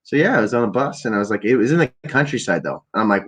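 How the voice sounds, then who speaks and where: A man's voice: lowish voice, sing-song, very fast, a bit bright, husky. A man from Canada hosting a podcast, telling a meandering story in a casual rambling monologue, often trailing off into fillers and restarts. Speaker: podcast host.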